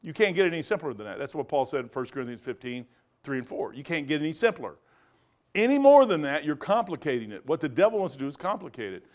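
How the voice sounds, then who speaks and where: Male pastor, slightly high voice, emphatic, folksy, Bible study preaching. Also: big pitch swings, quick pace.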